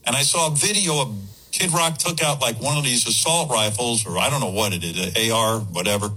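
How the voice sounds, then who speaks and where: Man, radio talk host, husky bright voice, blunt and incredulous. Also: medium pitch, brisk, low-quality recording.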